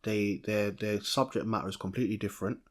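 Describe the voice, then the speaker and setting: A young man, co-hosting a podcast in a lively, chatty way, often restarting mid-sentence. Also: lowish voice, fast talker. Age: young adult. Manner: animated, chatty, self-interrupting. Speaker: podcast co-host. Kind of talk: casual chat.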